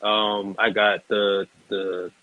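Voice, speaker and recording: Slow, hesitant low-voiced man. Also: level tone, phone-quality sound. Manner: slow, hesitant, many fillers. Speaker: panelist. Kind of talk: casual sports chat.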